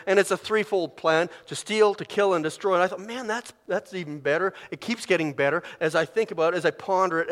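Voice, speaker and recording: A male preacher giving a sermon in an animated, conversational way, often acting out inner voices. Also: on the high side. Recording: long reverb of a large hall.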